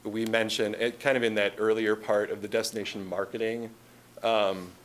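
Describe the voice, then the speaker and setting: Deep-voiced Chicago man presenting casually. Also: flat delivery, moderate pace, fairly bright tone. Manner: casual, conversational, many fillers and restarts. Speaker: tourism marketing presenter. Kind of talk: presentation to a city council. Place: council meeting chamber.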